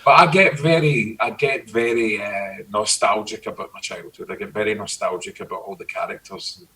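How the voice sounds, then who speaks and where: A middle-aged Scottish man chatting casually, telling lively stories about his childhood. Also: on the low side, normal speed, far from the mic, rough recording. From Scotland. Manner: storytelling, animated. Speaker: guest. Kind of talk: casual chat.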